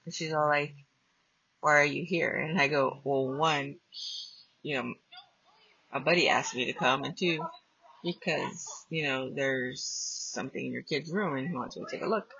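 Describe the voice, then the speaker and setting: A woman's voice: low-pitched, normal speed, gravelly, fairly bright tone, breathy edge. A woman podcast host telling a personal ghost story in a blunt, profane, casual way. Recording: dull lo-fi dry recording.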